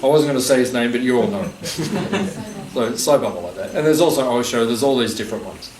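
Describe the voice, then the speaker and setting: A medium-pitched man with lively intonation talks a bit fast, sounding far from the mic with a crowd audible behind him. He is a spiritual teacher giving a casual, joking talk full of fillers to a live audience in an echoey festival gathering room with faint noise.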